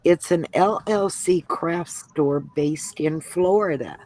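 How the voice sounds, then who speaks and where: Woman from Georgia, craft-stream co-host reading the chat: unhurried, laid-back delivery. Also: deep voice, dry recording, low-quality recording. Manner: relaxed, reads out comments. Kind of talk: reading viewer comments aloud.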